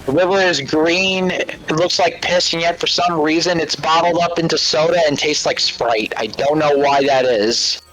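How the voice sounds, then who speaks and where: A man from the Midwest with a somewhat high voice joins the stream banter. He talks emphatically, with playful mock outrage. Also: normal speed, fairly bright tone, low-quality recording. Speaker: co-player on stream. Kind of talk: casual chat.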